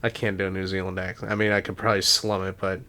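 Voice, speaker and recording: A man's voice: sits low, flat delivery, very fast, pushed and bright. A man co-hosting a casual podcast, talking reflectively and hesitantly with many restarts. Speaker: podcast co-host. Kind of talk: casual chat.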